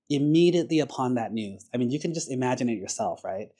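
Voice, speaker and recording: A man's voice: medium pitch, lively intonation, fast talker, few pauses, warm tone. A man, a Buddhist monk, giving a sermon in a conversational storytelling way, sprinkling in casual fillers. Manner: conversational, uses casual fillers like "like" and "you know"; storytelling, acts out quoted characters.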